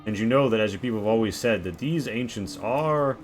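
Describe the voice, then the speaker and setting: Low-voiced man running a tabletop game. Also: fairly quick, faint music behind. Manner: vivid, crude, rambling narration. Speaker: game master.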